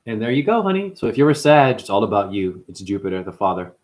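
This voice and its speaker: A man hosting a spiritual livestream, talking to his chat in an animated way, calling listeners honey and chanting mantras. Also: on the low side, fast talker.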